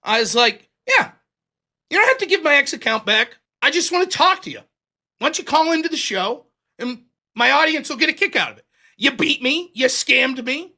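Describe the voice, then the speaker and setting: A man's voice: extremely high pitch, expressive, normal speed, bright, forceful tone. A man hosting a livestream show, telling a story casually, acting out both sides of the dialogue in a profane, self-mocking way.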